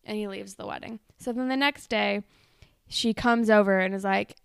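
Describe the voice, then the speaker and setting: A woman's voice: medium pitch, normal speed, vocal fry, clear, resonant tone, no room sound, clean studio sound. A young woman co-hosting a podcast, recapping a TV episode in casual chat and acting out the characters' lines. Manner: animated retelling with quoted voices, frequent likes. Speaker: podcast co-host.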